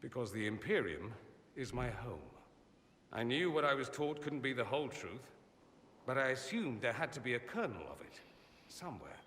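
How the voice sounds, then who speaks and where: A man's voice: mid-range voice, big pitch swings, moderate pace, fairly bright tone, in a large hall, slight background noise. An actor voicing a witty, vain male mage in a video game, sardonic and theatrical, by turns playful and grave. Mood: bitter.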